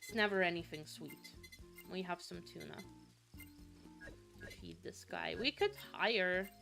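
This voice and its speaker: A young Finnish woman, a vtuber, chats casually while streaming a game, rambling with lots of fillers, sudden swearing, and a slight sniffle. Her voice is lowish with vocal fry, a little slow and sharp in tone, with faint music behind her.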